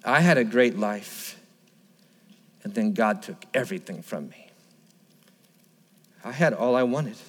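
A man voicing Naomi, a grieving, bitter older woman, in a low, heavy, despairing tone during a sermon. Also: in a large hall.

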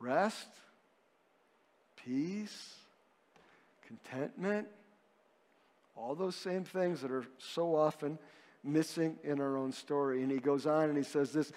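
A man's voice: on the high side, slow, pauses often, darkish tone, in a large hall. A male pastor preaching a sermon in a conversational way, posing rhetorical questions and swinging widely in emphasis.

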